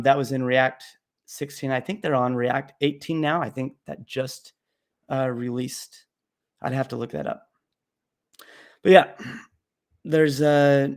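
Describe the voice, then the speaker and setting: A young man hosting a casual live question-and-answer stream about coding, talking bluntly and jokingly with plenty of fillers. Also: medium pitch.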